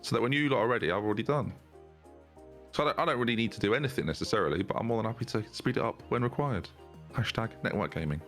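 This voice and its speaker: A man's voice: lowish voice, animated, rapid-fire, fairly bright tone, faint music behind. A man streaming a football management game with friends, teasing them in dry, mock-insistent banter. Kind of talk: casual gaming stream banter.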